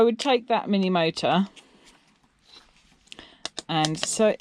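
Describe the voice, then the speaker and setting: A woman's voice: deep voice, a little slow, a little hiss or hum. An English woman who makes scrapping videos, chatting in a rambling way as she tears down electronics and asks her viewers questions. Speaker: scrapping vlogger. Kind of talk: casual narration while tearing down electronics.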